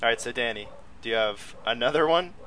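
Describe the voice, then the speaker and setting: A man hosting a podcast, steering the chat with quick teasing banter. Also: medium pitch, lively intonation, a bit bright, a little hiss or hum. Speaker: podcast host. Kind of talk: casual chat.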